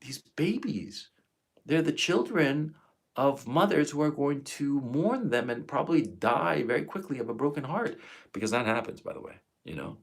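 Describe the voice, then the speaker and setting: A man's voice: mid-range voice, lively intonation, normal speed, vocal fry. A man in his fifties ranting on a live stream, emotional and profane. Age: 50s. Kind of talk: angry live stream monologue.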